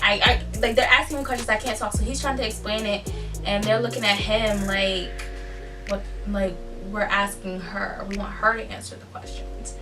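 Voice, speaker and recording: A young woman vlogger telling a personal story in a candid, profane, animated way. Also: mid-range voice, recorded from a distance. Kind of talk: casual storytime. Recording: voice off-mic with faint music.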